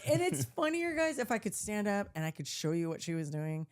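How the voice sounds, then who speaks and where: A woman's voice: medium pitch, brisk. A woman podcast host telling a story in casual chat, acting out what people said, swearing and laughing often. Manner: animated, acts out quotes, swears, laughs often.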